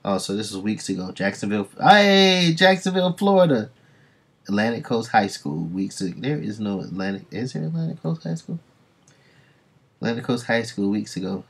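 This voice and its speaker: Husky, low-voiced man rambling about comics. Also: darkish tone. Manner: rambling, enthusiastic fan asides with quick voice impressions. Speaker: comic book reader and streamer. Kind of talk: casual comic reading commentary.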